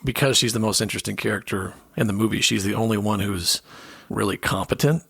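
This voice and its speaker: A man's voice: fairly low pitch, fast, vocal fry, a bit bright, husky, no echo, studio quality. A man who is a guest on a film podcast, chatting casually and making wry jokes. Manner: wry, joking remarks with easy laughs.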